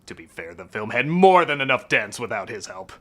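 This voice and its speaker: A man's voice: medium pitch, big pitch swings, fairly quick, sharp tone. A man reviewing a film in a comedic, sarcastic style, with jokey asides. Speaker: film critic. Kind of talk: comedic movie review narration.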